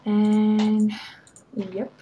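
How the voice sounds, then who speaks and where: A woman's voice: medium pitch, completely flat delivery, very slow, mellow, a little hiss or hum, poor audio. A woman giving a rambling, hesitant walkthrough of her game server, full of ums and little laughs. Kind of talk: casual game walkthrough commentary.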